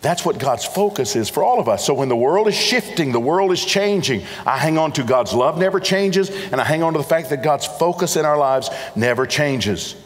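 A man's voice: on the high side, expressive, normal speed, few pauses. A middle-aged man preaching a sermon, earnest and repetitive, speaking directly to his congregation. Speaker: pastor. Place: church sanctuary. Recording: church hall reverb.

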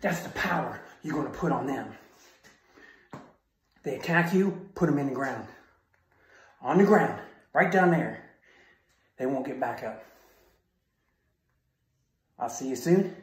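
A man's voice: mid-range voice, expressive, unhurried, pauses often. A man giving a self-defense training talk as an instructor, in a punchy, emphatic style of short barked phrases. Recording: very echoey room, far from mic.

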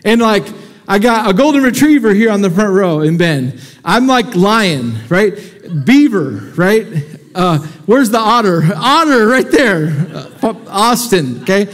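A man with a notably high voice preaches to a congregation in a church. He talks energetically and conversationally, often tossing questions out to the people in front of him. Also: big pitch swings, a little slow. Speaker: pastor. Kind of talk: sermon. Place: church sanctuary before a congregation.

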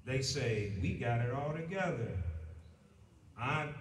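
A man's voice: fairly high pitch, expressive, a bit bright, slight background noise. Preaching man in an echoey church. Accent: American. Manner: preaching with rising emphasis and slow drawn-out stresses. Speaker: pastor. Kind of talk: sermon. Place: church sanctuary. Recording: echoey church from a distant mic.

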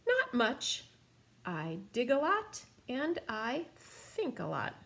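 A woman voicing a humble, unhurried little male wombat in a read-aloud storybook. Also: fairly high pitch, wildly swooping pitch, gravelly, a bit bright, exaggerated voice. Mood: modest.

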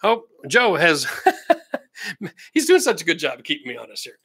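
Chatty Canadian man, bright, dry sound. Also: on the high side, big pitch swings, moderate pace, vocal fry, slightly rough, no echo. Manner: chatty, practical, jokey asides. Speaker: host answering live chat questions. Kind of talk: casual livestream chat.

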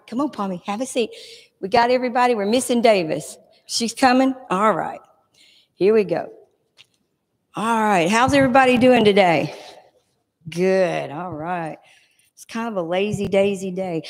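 A woman giving a playful, animated children's message in a church. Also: mid-range voice. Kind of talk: children's sermon. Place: church sanctuary. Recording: reverberant church hall.

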